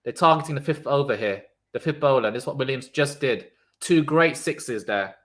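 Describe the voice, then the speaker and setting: At a moderate pace and medium pitch, the streamer covers the cricket casually and live. He gets loud over the action and keeps chatting with the viewers in chat.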